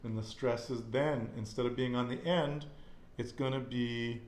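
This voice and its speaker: A man's voice: medium pitch, fairly even intonation, normal speed, darkish tone, echoey room, a little hiss or hum. A man teaching a casual Spanish lesson, patiently repeating words and quizzing his student.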